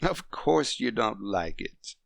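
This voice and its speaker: A man voicing a poised French wife near fifty, patient and gently reasoning with her husband. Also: on the low side, very animated, slow, creaky, no echo, studio quality, exaggerated voice. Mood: firm.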